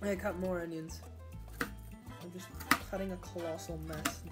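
A woman vlogging in a casual, playful way, joking with her viewers and breaking into sudden loud exclamations. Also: lowish voice, fairly even intonation, unhurried, loud music behind the voice. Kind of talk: casual vlog chat.

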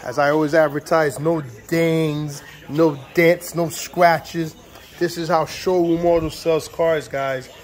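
A man with a fairly high voice runs through a casual sales walkaround outdoors on a car lot. His patter is playful and pumped up, and he keeps circling back to the same catchphrases. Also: flat delivery, takes it slowly. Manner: hyped, playful salesman patter with lots of repetition. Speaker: used car dealer.

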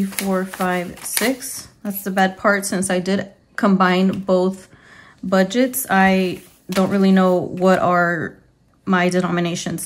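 A young adult woman talking casually to her viewers about her family budget, rambling with fillers, then counting cash aloud in a steady rhythm. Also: medium pitch, slight background noise. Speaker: budgeting vlogger. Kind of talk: casual talk to camera while counting cash.

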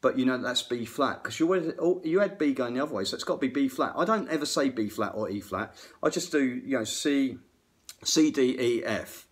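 A middle-aged man talks theory straight into his phone camera, rambling and excitable. He cuts himself off mid-thought and jumps between ideas. His voice sits at an ordinary middle pitch for a man. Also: a little fast. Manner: rambling, excitable, self-interrupting. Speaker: guitar tech and aspiring guitar teacher. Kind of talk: casual music theory vlog to camera.

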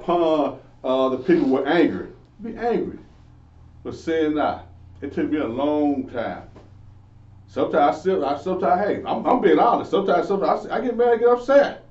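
A Bible teacher gives an informal lesson, preaching earnestly and asking questions that he then answers himself. His voice is a little high and a little mellow, and the lo-fi recording sounds echoey, distant and dull.

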